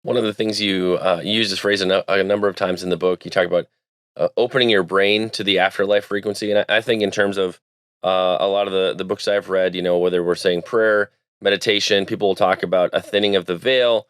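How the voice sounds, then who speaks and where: A man's voice: low voice, fairly even intonation, a little fast, a bit bright, smooth, no room sound, studio quality. A man hosting a podcast, asking a long, thoughtful question in a searching way. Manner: thoughtful, searching phrasing with restarts. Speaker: podcast host. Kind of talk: interview question.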